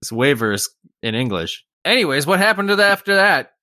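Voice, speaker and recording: A man's voice: a little high, sing-song, brisk, sharp tone, no room sound, studio quality. A young man co-hosting a podcast in casual comedic chat, riffing and slipping into mock characters. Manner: jokey, slips into mock officials and characters. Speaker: podcast co-host.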